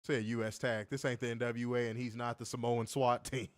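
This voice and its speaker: A man co-hosting a casual wrestling review, profane and animated, reading viewer comments aloud. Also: mid-range voice, fairly quick, dry recording. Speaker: podcast co-host.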